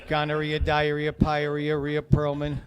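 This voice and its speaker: A man's voice: on the high side, monotone, measured pace. Profane stand-up comic, man. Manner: profane, rambling, shifts between shouting and quiet asides. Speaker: stand-up comedian. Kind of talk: stand-up comedy set. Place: comedy club stage.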